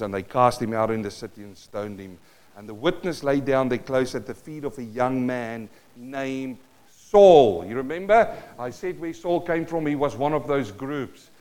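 South African pastor preaching with big swings. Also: male voice, medium pitch. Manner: dynamic preaching, swinging between hushed and loud. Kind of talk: sermon.

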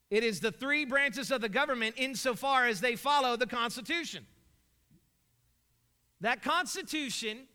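Male preacher with a bright, sharp tone. Emphatic sermon delivery, recorded in a reverberant hall. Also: extremely high pitch. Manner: emphatic, asks rhetorical questions.

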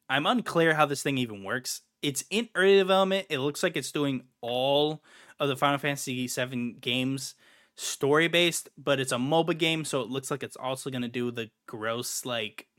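A man co-hosts a casual gaming podcast, ranting in an exasperated way and swearing now and then. His voice is medium-pitched and a bit bright.

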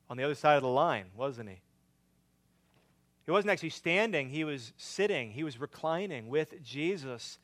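A man delivers a sermon, slow and deliberate. His voice sits fairly high for a man and comes through smooth and resonant. He moves between earnest, emphatic lines and quiet, hushed asides. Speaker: pastor.

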